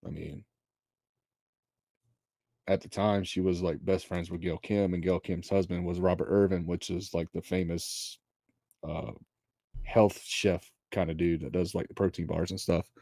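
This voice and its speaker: A man's voice: low voice, a little mellow, no room sound, clean studio sound. A man co-hosting a casual wrestling podcast, crude and enthusiastic, swearing constantly. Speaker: podcast co-host.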